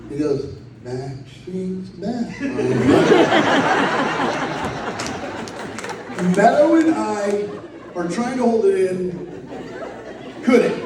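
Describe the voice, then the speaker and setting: A man's voice: sits high, expressive, very slow, long pauses, over a noisy crowd, very noisy. A man giving a rambling, laughing eulogy of stories, swearing now and then. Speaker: eulogy speaker. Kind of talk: casual storytelling eulogy. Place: large echoey room from afar. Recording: echoey hall, distant mic.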